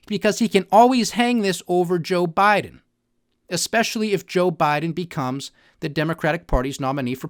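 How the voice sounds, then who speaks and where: An emphatic man hosting a political commentary podcast, often checking in with his listener. His voice sits a bit high for a man, and the sound is dry and close to the mic. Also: a bit bright, dry recording. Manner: emphatic, repeats "All right?" to the listener. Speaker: podcast host.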